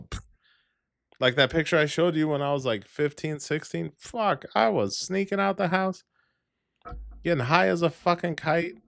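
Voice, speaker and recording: A man's voice: medium pitch, vocal fry, fairly bright tone, dry recording, clean studio sound. A man hosting a casual livestream, talking in a rambling, heavily profane way and laughing often. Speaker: livestream host.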